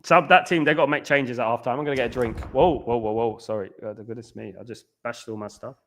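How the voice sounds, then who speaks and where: Late at night at home, a man hosts a live football watchalong, reading out viewer comments and answering them in a rambling, blunt, scornful way about the match. His mid-range voice is fast, with fairly even intonation.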